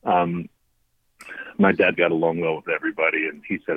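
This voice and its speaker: A man in his fifties, a radio guest telling family stories in a lively, anecdotal way, often restarting his sentences. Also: sits low, a little fast, husky. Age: 50s. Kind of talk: storytelling on a call-in interview. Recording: tinny phone line.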